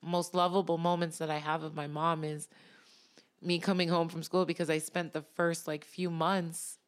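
Tearful woman guest, low voice. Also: little pitch movement. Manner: tearful, halting, often laughs through emotion. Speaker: podcast guest, actress. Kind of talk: emotional personal conversation.

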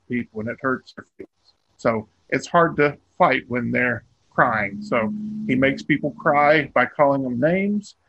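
A man's voice: medium pitch, fairly bright tone, husky, dry recording, highs cut off. A man, a comic book artist being interviewed, talking casually and rambling with many ums and restarts.

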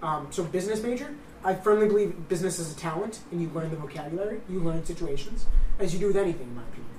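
A man's voice: a little high, expressive, rapid-fire, mellow, a little hiss or hum. A young man co-hosting a casual podcast, full of profane, self-mocking jokes and banter. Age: young adult. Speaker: podcast co-host. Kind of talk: casual chat. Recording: roomy echo, distant mic.

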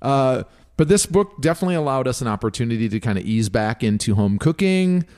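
A man co-hosting a relaxed podcast, his voice rising and falling freely as he chats. He keeps it light and teasing, with an easy, conversational flow. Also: mid-range voice, brisk. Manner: easygoing, teasing, lively intonation. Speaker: podcast co-host. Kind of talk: casual chat.

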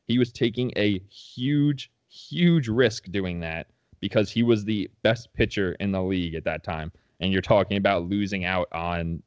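A man with a very low, deep voice, chatting casually as a podcast co-host. He talks like an animated, opinionated fan, recorded close and dry with no room sound. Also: dry recording, muffled recording. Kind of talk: casual sports podcast chat.

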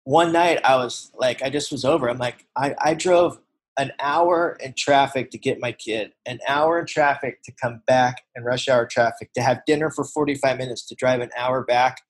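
A man in his forties giving a personal recovery testimony, telling a family story earnestly, growing hushed at the tender parts. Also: medium pitch, normal speed, low-quality recording. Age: 40s. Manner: earnest, storytelling, shifts to hushed when emotional. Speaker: recovery speaker.

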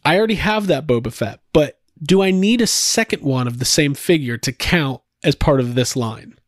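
A man's voice: fairly high pitch, lively intonation, moderate pace, no room sound, studio quality. A man hosting a casual podcast chat, rambling with frequent restarts and laughs. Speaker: podcast host.

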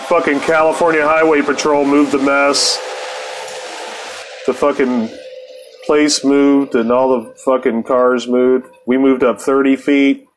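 A man telling a rambling, profane personal story in a casual way, often laughing between lines. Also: mid-range voice.

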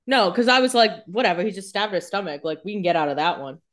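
A woman co-hosting a casual recap chat, chiming in with quick reactions and laughing. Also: mid-range voice, lively intonation. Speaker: podcast co-host.

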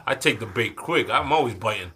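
A man co-hosting a podcast in casual group banter, joking fast and mocking himself. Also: lowish voice, animated, sharp tone, a little hiss or hum. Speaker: podcast co-host.

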